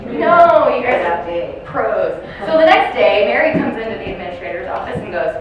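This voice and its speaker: A woman's voice: a little high, lively intonation, normal speed. Woman trainer in an echoey distant room. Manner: storytelling, asks the audience questions. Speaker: caregiving trainer. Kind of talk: training talk to caregivers. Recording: echoey room from far off, noisy.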